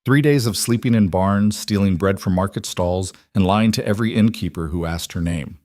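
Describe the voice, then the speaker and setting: A man narrating a story in a measured, scripted audiobook style. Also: low-pitched, a little mellow, no echo, clean studio sound.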